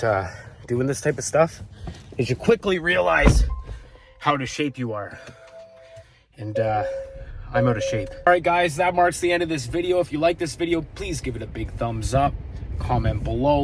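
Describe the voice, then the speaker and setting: A man's voice: medium pitch, normal speed, background noise. A man vlogging outdoors by a pond, chatty and upbeat, talking to viewers as "guys". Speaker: vlogger, animal keeper. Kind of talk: casual outdoor vlog to camera.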